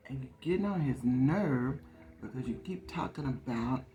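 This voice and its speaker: A woman's voice: rumbling low, animated, normal speed. A woman reading tarot in a casual, conversational way, repeating phrases for emphasis. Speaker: tarot reader. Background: soft guitar music.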